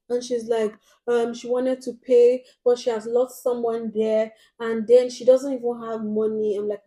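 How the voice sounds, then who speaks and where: A woman's voice: fairly high pitch, flat delivery, unhurried, dark tone. Emphatic Nigerian woman vlogger. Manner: direct, emphatic, with frequent ums. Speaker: host. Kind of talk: casual advice vlog.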